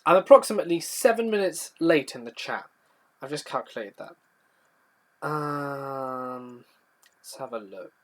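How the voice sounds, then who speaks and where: A man's voice: mid-range voice, lively intonation, measured pace, long pauses. A young man with a southern English accent, hosting a casual livestream, telling a spooky story and answering chat in a rambling, self-correcting way. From south-east England. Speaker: livestream host.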